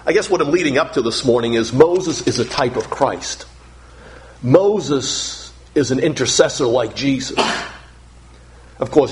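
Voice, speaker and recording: A male pastor delivering a sermon, earnest and emphatic, often repeating words to stress a point. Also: medium pitch.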